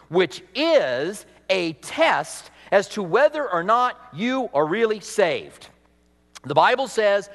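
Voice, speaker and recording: A male pastor preaches in a chatty, self-deprecating way, breaking into laughs at himself. His voice sits high for a man. It echoes with the long reverb of a large church hall. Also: a bit bright. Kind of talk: sermon.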